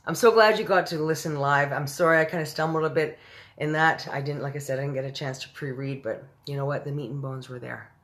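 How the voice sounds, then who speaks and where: A woman's voice: sits low, fairly bright tone. A woman hosting a live-streamed story reading, chatting affectionately with viewers and calling them babe and honey.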